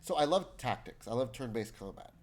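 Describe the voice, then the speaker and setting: A man's voice: medium pitch, lively intonation, brisk. A man streaming a video game, reading the dialogue aloud in shifting voices and chatting between lines. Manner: chatty, trails into asides.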